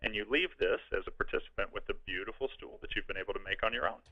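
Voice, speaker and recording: A man with a lowish voice talks rapid-fire as a guest on a radio show, promoting upcoming events in an upbeat, friendly way. There's no room sound, and the casual interview has a dull, lo-fi radio quality.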